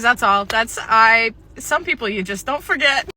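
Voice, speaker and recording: A young adult woman telling animated comedic stories from a past retail job, often laughing and swearing. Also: medium pitch, fast, few pauses, a little hiss or hum. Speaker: comedy creator. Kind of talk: storytime comedy vlog.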